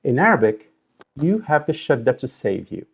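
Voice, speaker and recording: A man teaching a recorded language lesson, sounding out syllables slowly and deliberately. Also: medium pitch, big pitch swings, gravelly, breathy edge, a faint crowd. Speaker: Arabic teacher.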